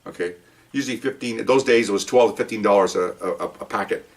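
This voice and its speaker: A man's voice: fairly low pitch, a little fast, far from the mic. An older man, a retired police officer, rambling through stories from his career and tagging many sentences with "okay?". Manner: rambling, many restarts, says "okay?" often. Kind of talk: casual storytelling monologue.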